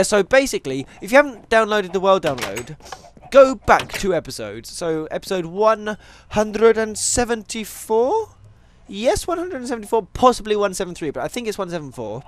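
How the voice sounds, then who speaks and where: A man playing a video game and chatting to viewers, joking and going off on tangents as he plays. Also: high voice. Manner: rambling, jokey, goes off on tangents; talks to viewers and animals in game. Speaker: gaming channel host. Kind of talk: Minecraft let's play commentary.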